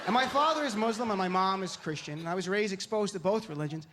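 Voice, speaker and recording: A male comedian from New Jersey works a live crowd from the stage in an animated, mocking manner. His voice sits high for a man. The audience noise rises clearly around him. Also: quick pace. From New Jersey, USA. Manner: animated, mocking delivery with many put-on voices. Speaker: stand-up comedian. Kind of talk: stand-up comedy.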